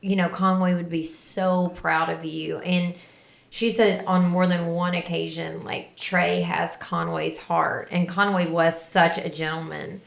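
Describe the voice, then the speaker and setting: A woman's voice: lowish voice, little pitch movement, unhurried, gravelly, reverberant. A woman co-hosting a podcast, chatting in a rambling, self-deprecating way. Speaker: podcast co-host. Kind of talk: casual chat.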